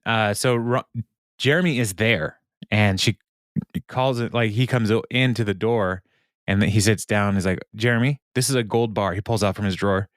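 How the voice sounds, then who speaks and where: A man's voice: on the low side, moderate pace, no echo, studio quality. A man on a podcast retelling a TV episode in casual chat, laughing often as he quotes the characters. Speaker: podcast host recapping a TV episode.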